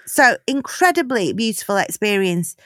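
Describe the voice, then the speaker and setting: British woman telling a story, animated. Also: mid-range voice, moderate pace, no room sound, clean studio sound. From Britain. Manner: animated storytelling, swears freely. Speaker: podcast co-host. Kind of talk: casual comedic chat.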